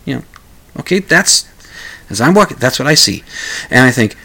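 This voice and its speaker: A man's voice: medium pitch, very animated, moderate pace, gravelly, sharp tone. A man hosting a talk radio show, telling a story in a rambling way, with stammered restarts and chuckling asides. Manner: acts out quoted lines in a raised voice.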